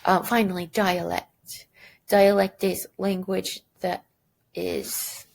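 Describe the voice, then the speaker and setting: A woman's voice: medium pitch, little pitch movement, slow pace, gravelly, darkish tone. A woman teacher giving a recorded lesson, chatty and self-deprecating, thinking aloud as she goes.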